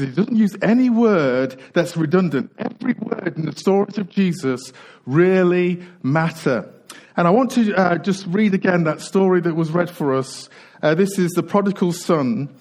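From the pulpit, a middle-aged British pastor preaches in a rather high, slightly mellow voice, a bit out of breath, on a low-quality recording. His earnest sermon keeps circling back to the same lines, stretching them out slowly for weight.

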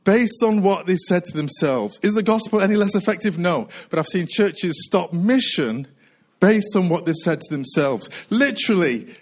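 A middle-aged man delivers a sermon from the pulpit with a rather high voice. He is slightly out of breath and keeps circling back to the same lines, stretching them slowly for weight. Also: expressive, rough recording. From United Kingdom. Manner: earnest preaching with repetition and slow emphatic phrases. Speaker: pastor.

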